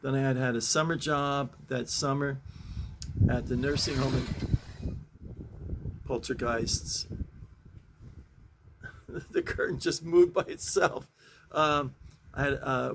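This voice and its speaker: A man's voice: mid-range voice, creaky, noisy background. A man in his seventies reading comic strips aloud in a casual, rambling way, chuckling often and restarting his sentences. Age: 70s. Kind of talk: casual chat.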